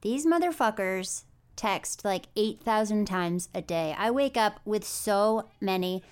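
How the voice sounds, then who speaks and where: A woman hosting her own podcast, telling her story in a candid, animated way, with frequent swearing. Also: mid-range voice, measured pace, smooth. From New York State, US. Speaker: podcast host. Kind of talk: casual narration and chat.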